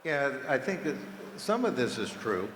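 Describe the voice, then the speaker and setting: An older man, a team founder and former driver, recounting racing history at a dinner panel in a relaxed, measured way with frequent ums. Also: mid-range voice. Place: banquet hall during a dinner. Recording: echoey banquet hall over a PA, faint noise.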